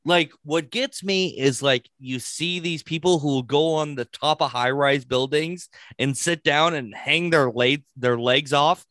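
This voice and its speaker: A man's voice: on the high side, a little slow, hardly any pauses, fairly bright tone, no echo, clean studio sound. A man chatting casually and telling a story with plenty of swearing. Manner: storytelling with profanity. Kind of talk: casual chat.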